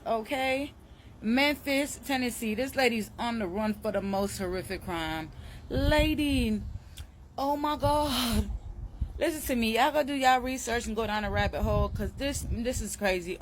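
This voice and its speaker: A woman's voice: on the high side, animated, unhurried, slight background noise. A woman giving emotional commentary to her viewers, urgent and emphatic, repeating her points. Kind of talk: emotional social media commentary.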